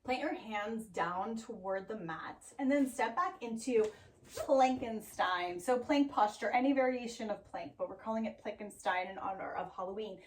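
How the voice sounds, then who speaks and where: A woman teaching a yoga class, giving calm, steady breath cues with playful sounds. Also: a little high, moderate pace, few pauses. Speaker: yoga instructor. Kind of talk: guided yoga class cueing. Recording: roomy echo, voice from a distance off the mic.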